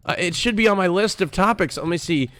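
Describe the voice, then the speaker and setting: Bright-voiced young man hosting a podcast. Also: high-pitched, quick pace. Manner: rambling, playful emcee patter with fillers. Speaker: podcast host. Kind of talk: casual group podcast hosting.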